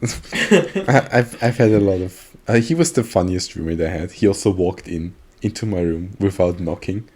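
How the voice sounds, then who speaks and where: Man, lowish voice, casual podcast chat, laughing storyteller, lots of fillers. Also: expressive, normal speed, a little mellow, slightly rough. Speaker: podcast co-host.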